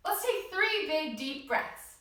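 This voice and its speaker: A woman guides small children through yoga with a cheerful, sing-song voice that lifts high and swoops low. Her tone is bright and clear, and she speaks slowly and deliberately, as if to toddlers. She is recorded from some distance in a very echoey room. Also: very animated. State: out of breath after dancing. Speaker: kids yoga teacher.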